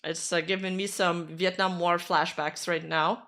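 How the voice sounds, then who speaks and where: A woman streamer giving casual reaction commentary, chatty, self-deprecating and quick to defend herself. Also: fairly low pitch, level tone, a bit bright.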